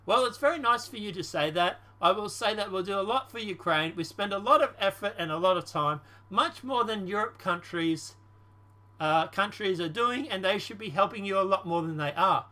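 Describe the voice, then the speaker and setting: A man's voice: high-pitched, animated, moderate pace, bright, forceful tone. A man reading out a boastful American president's words in a near-plain voice.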